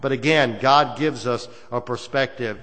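A Baptist preacher addresses his congregation in a folksy, rambling sermon that circles back on its phrases. His medium-pitched voice is sharp and a little slow, with the long reverb of a church hall around it.

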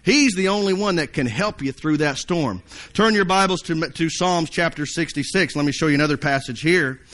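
A man's voice: a little high, moderate pace, a bit bright. A man preaching a sermon, folksy and storytelling, sometimes acting out panicked voices. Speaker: pastor.

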